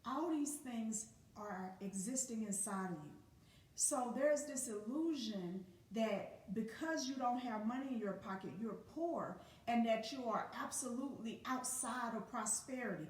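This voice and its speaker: A woman with a slightly high voice gives a spiritual teacher's motivational talk, blunt and heavy on profanity. She speaks with loud emphasis and never softens her words. The recording is roomy and echoing, with her voice sitting some way back from the microphone. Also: lively intonation, a little slow. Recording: echoey room, distant from the mic.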